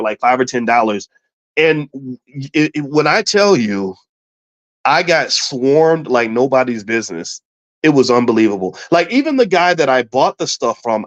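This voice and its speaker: A finance show host from Louisville, Kentucky, tells stories in a casual way while dispensing money advice, his voice a little high. He's animated, repeating words, restarting sentences and acting out quotes, and the sound is dull, slightly lo-fi and dry, with no room sound.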